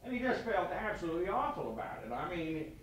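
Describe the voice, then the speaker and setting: A man giving a quick, folksy devotional talk at a meeting. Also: high voice, very animated, a little hiss or hum. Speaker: state representative giving a devotion. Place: meeting room. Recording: echoey room from far off.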